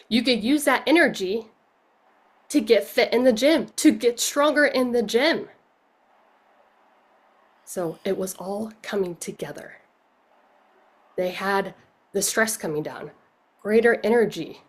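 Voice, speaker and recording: A woman coach speaks at a conference in a voice of middling pitch. She tells her story in order and uses rhetorical questions to move it along. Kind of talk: conference talk.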